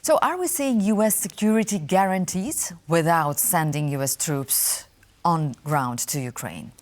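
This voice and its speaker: Low-voiced woman news anchor. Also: lively intonation. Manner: measured, scripted delivery. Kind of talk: broadcast interview.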